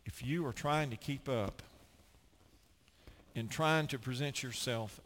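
A middle-aged American pastor preaches slowly in a medium-pitched voice, with slight hiss or hum in the background. He's an animated storyteller who performs the quotes he shares.

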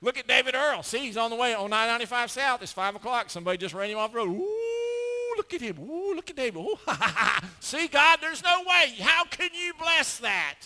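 A man's voice: sing-song, fairly quick, few pauses, bright, forceful tone, full character voice. A man voicing Satan as a gleeful, mocking male accuser. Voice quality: cackling, high and taunting.

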